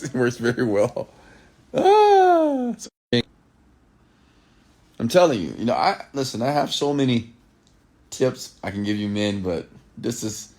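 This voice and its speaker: A man giving a late-night motivational rant, emphatic and repetitive, sometimes dropping to a hushed whisper to act out lines. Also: fairly low pitch. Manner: emphatic, repeats "I'm telling you", drops to a hushed whisper when acting out lines. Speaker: entrepreneur and mentor.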